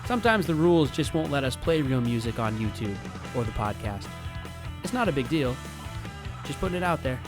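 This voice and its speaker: A man's voice: medium pitch, sing-song, brisk, over music. A young man hosting a radio show, from Seattle, chatting casually and playfully and drifting into silly bits. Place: radio studio.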